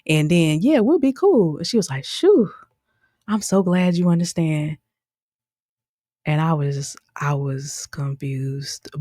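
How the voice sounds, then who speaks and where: A woman's voice: low voice, a little mellow, no room sound. A woman talks through a reality episode in a loose, chatty way. She laughs often and slips into voices for the people she quotes. The sound is dry and close. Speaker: show reviewer. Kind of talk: casual recap commentary.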